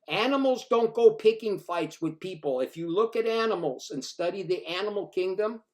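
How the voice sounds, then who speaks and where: A man's voice: sits high, lively intonation, moderate pace. A man in his sixties telling a profane, rambling story about an old bar fight in a casual, emphatic way.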